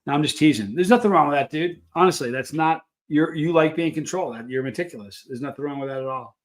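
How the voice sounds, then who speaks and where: A man's voice: a little high, fast talker. A man hosting a livestream, chatting casually and rambling to his viewers. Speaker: livestream host.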